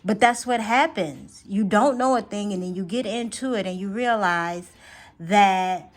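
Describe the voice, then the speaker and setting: A woman speaks straight to her viewers in a relaxed reading vlog. She is chatty and encouraging, circles back over her words as she thinks, then eases into slow, gentle affirmations. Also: medium pitch. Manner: repeats and restarts phrases as she thinks aloud. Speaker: astrology and tarot reader. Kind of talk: casual spiritual reading vlog.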